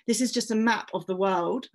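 A woman with an English accent giving an online science talk, gently reassuring listeners and inviting them to breathe. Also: medium pitch, moderate pace.

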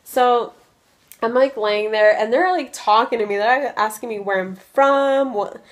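A woman's voice: fairly high pitch, a little slow. Chatty young woman telling a story. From Russia. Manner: chatty, many "like" fillers. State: a little loopy from medication. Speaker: vlogger. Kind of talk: casual storytelling vlog.

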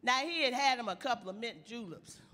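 An actress playing an elderly woman stand-up comic, telling folksy jokes with slow, sly punchlines on a theater stage. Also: a little high, animated, pushed and bright. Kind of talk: live stand-up comedy routine in a play. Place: theater stage before an audience. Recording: long hall reverb of a live theater.

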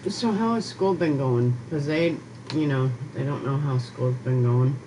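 Low-voiced mother teasing her son. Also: measured pace, noisy background. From Ohio, USA. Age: 40s. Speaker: mother playing video games with her son. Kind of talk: casual gameplay chat.

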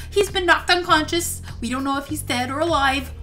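A young woman playing a story game, reacting with excitable gasps and exclamations. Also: sits high, brisk, faint music behind. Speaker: gaming YouTuber. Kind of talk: let's play commentary, reading story aloud.

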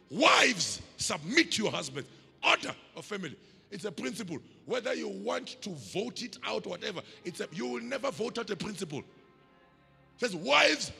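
South African man, pastor, sermon, call-and-response preaching, very gravelly rough voice, high pitch, long hall reverb, faint music. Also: bright, forceful tone.

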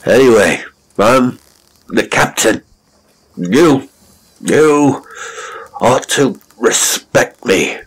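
A man's voice: low-pitched, slow, pauses often, heavily acted, low-quality recording. A man voicing a drunken, blustering old sea captain who slurs his indignant protests.

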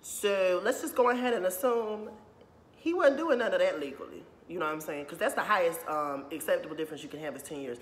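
A man's voice: sits high, lively intonation, a little fast, a bit bright. A young man ranting in a casual opinion vlog, blunt and profane, repeating "you know what I'm saying" again and again. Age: young adult. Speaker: YouTuber. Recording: echoey room with long reverb.

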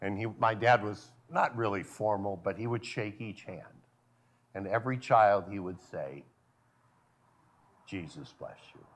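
A male pastor preaching a sermon at a church service, full of rhetorical questions and sudden drops to a hushed voice. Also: fairly low pitch, moderate pace.

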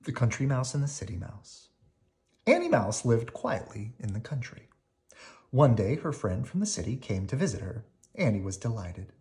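Very deep-voiced woman reading a bedtime story. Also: lively intonation. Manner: slow, gentle storytelling. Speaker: storybook reader. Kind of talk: bedtime read-aloud.

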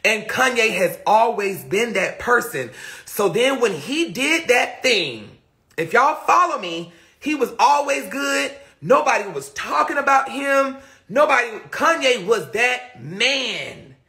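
A man's voice: very high voice, big pitch swings, slow, sharp tone. A man hosting a livestream rant, blunt and profane, reading chat comments aloud between points, speaking into a phone. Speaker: livestream host.

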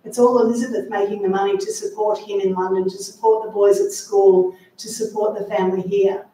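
A woman author speaking to a library audience, lively and chatty with wry asides, recorded from far off in an echoey room. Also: mid-range voice, fairly quick. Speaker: author giving a library talk. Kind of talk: talk and audience Q&A.

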